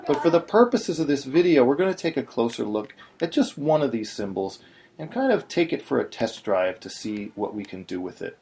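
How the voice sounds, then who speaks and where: A man's voice: mid-range voice, expressive, fairly quick, vocal fry, darkish tone. A man teaching in a patient, explanatory way, now and then breaking into short sung syllables. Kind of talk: screen-recorded tutorial.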